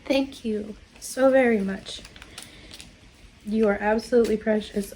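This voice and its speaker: A woman's voice: mid-range voice, fairly even intonation, moderate pace, a little mellow, a little hiss or hum. Giggly, emotional woman. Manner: emotional and giggly, gushing thanks. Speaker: crafting channel host. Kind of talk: casual chat while opening mail.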